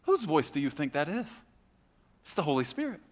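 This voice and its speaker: Guy preaching from a church stage, punchy then hushed, lots of long hall echo. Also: fairly high pitch, very animated, moderate pace. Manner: emphatic, swings between hushed and loud. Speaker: pastor. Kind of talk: sermon. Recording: echoey hall with long reverb.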